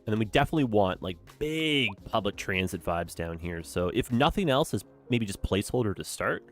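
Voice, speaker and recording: A man's voice: on the low side, very animated, fairly quick, soft background music. A young man commenting casually on a city-building game as he streams it, upbeat and chatty, often tagging his sentences with "eh". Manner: chatty, upbeat, tag questions with "eh". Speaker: gaming streamer. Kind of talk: casual let's-play commentary.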